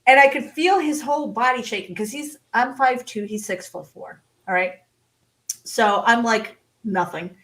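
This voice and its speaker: A woman guest on an interview show, telling stories in a casual, animated way, laughing often and acting out the voices in them. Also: on the high side, normal speed, rough recording. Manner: animated storyteller, laughs often, acts out quotes. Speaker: guest author.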